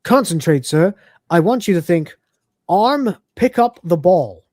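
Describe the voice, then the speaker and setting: A woman's voice: on the low side, animated, unhurried, darkish tone, no echo, clean studio sound. A woman voicing a fussy, polite male android servant who earnestly coaches over and over, saying "sir". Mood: coaxing.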